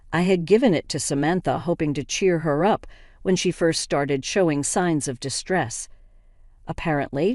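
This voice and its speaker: A woman reading a dramatic first-person family story as scripted narration, in a steady, even delivery. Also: sits low, no echo, clean studio sound.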